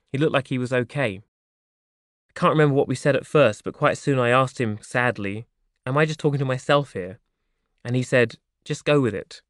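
A man reading his memoir aloud in a soft, wry, reflective way. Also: medium pitch, no room sound, clean studio sound. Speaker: audiobook narrator.

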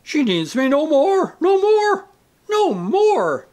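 A man's voice: high-pitched, wildly swooping pitch, measured pace, a little mellow, voice pushed up, heavily acted. A man voicing a pompous, self-pitying male ghost who declaims melodramatically in a storybook reading. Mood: melodramatic.

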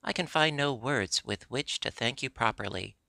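A man's voice: mid-range voice, moderate pace, gravelly, sharp tone, dry recording. A man voicing an earnest wooden puppet boy, eager and pleading, in a storybook reading. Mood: tender.

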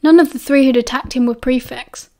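A woman with a British accent narrating a novel as an audiobook in a steady, expressive storytelling voice. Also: high voice, fairly quick. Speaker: audiobook reader.

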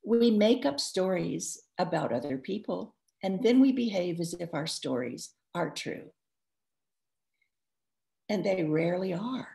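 A woman author giving advice in a live interview, talking in a lively, rambling way full of restarts and asides. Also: on the low side, measured pace, gravelly. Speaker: author discussing her book.

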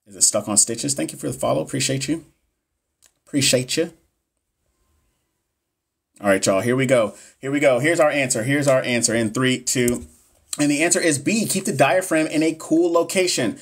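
A man's voice: medium pitch, brisk, creaky, husky. A man running a live exam review for nursing students. He talks casually and swears often. He keeps the energy up as he works through each question. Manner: casual, profane, hyped-up talk to viewers.

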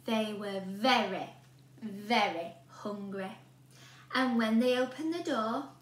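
A woman teacher reads a storybook aloud to children, slowly and with a high voice. She talks in an animated way and asks the listener questions. The room sounds roomy, with a faint hum behind.

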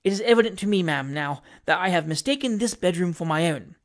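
A woman voicing a modest, flustered elderly gentleman who speaks anxiously and earnestly, as in a storybook reading. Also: fairly low pitch, animated, fast, natural voice.

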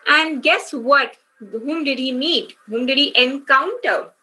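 Bright-voiced woman teaching kids online. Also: high-pitched, slow pace, poor audio. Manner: encouraging, asks the kids questions, often checks with "okay?". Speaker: children's workshop teacher. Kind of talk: online class storytelling with quizzes.

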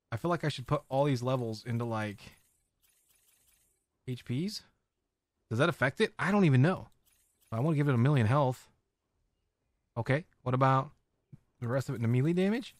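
A man giving casual running commentary as he plays a video game, talking to his viewers and often bursting into excited exclamations. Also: medium pitch, moderate pace, pauses often, no echo, clean studio sound. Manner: excitable, squeals often, chatty. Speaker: game streamer.

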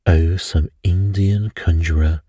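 A man's voice: low voice, fairly even intonation, slow, warm tone, slightly rough, no room sound, clean studio sound, exaggerated voice. A man reading a bedtime story, voicing a careless, scoffing middle-aged doctor who laughs things off.

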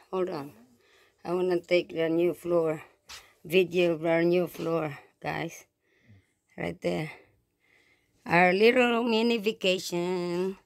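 An older Filipino woman from the Philippines, a truck driver, vlogs casually in a low-leaning, gravelly voice. She sounds upset as she gives a walkthrough, speaking directly to viewers with frequent "guys" and "okay," starting outdoors at a campground and then moving inside a small home.

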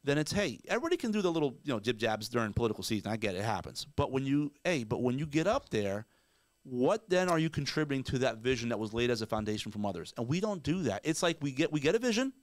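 Ranting hard and swearing freely, a male podcast co-host acts out mock quotes in casual commentary. His medium-pitched voice is very animated and quick, recorded without echo.

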